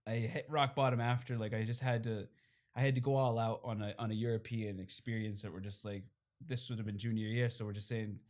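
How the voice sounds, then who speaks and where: A man's voice: fairly low pitch, fairly even intonation, a little fast, a little mellow. A young man, a priest, telling his own story in a rambling, candid way full of fillers and short laughs. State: briefly tearful. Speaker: priest giving his testimony. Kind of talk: personal testimony at a fireside talk.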